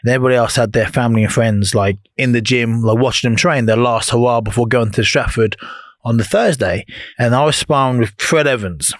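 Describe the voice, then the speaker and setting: An English man in his thirties tells a story with animated energy. He swears freely and laughs as he talks. His voice sits in a middle pitch, recorded close and dry. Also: fairly quick, no room sound. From England. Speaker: guest, former Olympic boxer. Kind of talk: casual podcast storytelling.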